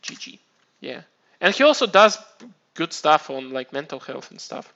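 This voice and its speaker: A man's voice: on the high side, very animated, moderate pace, creaky, pushed and bright, lo-fi sound. A man casually chatting on his live stream, rambling and swearing, often restarting his sentences. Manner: rambling, profane, self-mocking, many restarts.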